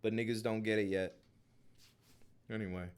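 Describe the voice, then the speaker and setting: A man's voice: fairly low pitch, steady tone, normal speed, clear, resonant tone. A man streaming casual reactions, joking and swearing loosely as he talks to his chat. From Minnesota.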